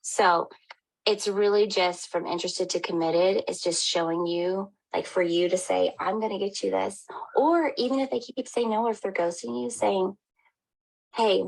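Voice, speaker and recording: Gravelly upbeat woman coaching. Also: medium pitch, steady tone, normal speed, low-quality recording. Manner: upbeat, encouraging, addresses listeners as y'all. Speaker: health coach. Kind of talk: motivational team call.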